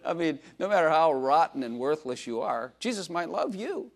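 A man's voice: on the high side, lively intonation, moderate pace, gravelly. An older man giving an informal sermon, telling rambling, self-mocking stories full of fillers and asides to a congregation. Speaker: preacher.

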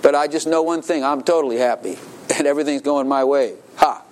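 A man's voice: on the high side, fairly quick, a little hiss or hum. A man preaching a sermon as pastor, laughing often and calling out to his congregation for answers. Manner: animated, laughing, calls for congregation responses. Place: church.

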